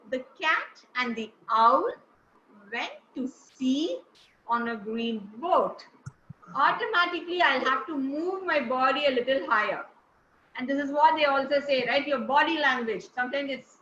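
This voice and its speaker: A woman's voice: high voice, pushed and bright, slight background noise. A woman, coaching a club group on word stress, explaining step by step and putting questions to the room. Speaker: speaking coach. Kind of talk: classroom lesson on word stress. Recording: echoey room, dull lo-fi sound.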